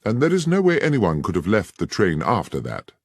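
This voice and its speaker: A male narrator voicing Sherlock Holmes as a keen, incisive detective who questions in a crisp, measured way. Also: fairly low pitch, wildly swooping pitch, no echo, studio quality, pitched above the performer's own voice, full character voice. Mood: probing.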